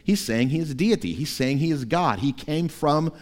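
A man preaching a sermon as pastor, emphatic, with forceful peaks. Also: fairly high pitch, expressive, normal speed, big-room sound. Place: church sanctuary.

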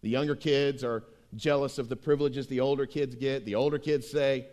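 A middle-aged man preaching a sermon as pastor, emphatic and swinging between hushed and loud delivery. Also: mid-range voice, fairly even intonation, brisk.

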